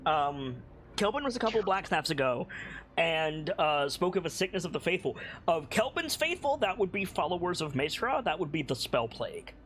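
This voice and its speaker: A man's voice: on the high side, sing-song, moderate pace, fairly bright tone, slight background noise. A man running a tabletop game as game master, describing scenes in a laid-back way with lots of "like"s.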